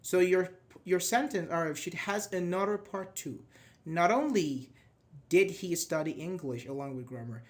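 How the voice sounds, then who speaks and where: A man's voice: high voice, normal speed. A man teaching an English grammar class, explaining step by step with example sentences and frequent restarts. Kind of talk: live online grammar class.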